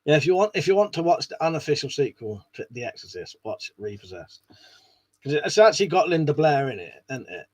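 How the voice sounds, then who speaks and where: A man's voice: fairly high pitch, big pitch swings, brisk, darkish tone, husky, dry recording. A man hosting a casual live stream, chatting to viewers in a rambling way and swearing now and then. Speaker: live stream host reading chat.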